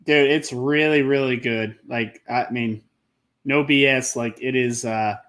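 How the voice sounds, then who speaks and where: A man's voice: mid-range voice, steady tone, measured pace, fairly bright tone. Laid-back man in casual sports chat. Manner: rambling, laid-back, says "man" and "like" a lot. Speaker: podcast co-host.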